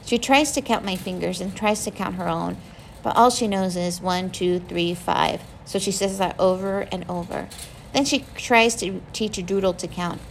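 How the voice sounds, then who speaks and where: A woman narrating a novel in the first person, reading with expressive emotion. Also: medium pitch, normal speed, gravelly, slight background noise, rough recording. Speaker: audiobook reader.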